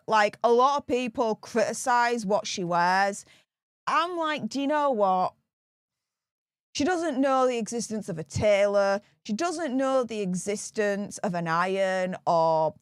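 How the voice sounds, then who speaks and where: A woman's voice: mid-range voice, dry recording, clean studio sound. A British woman giving casual, sarcastic commentary as a vlogger. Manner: sarcastic, animated.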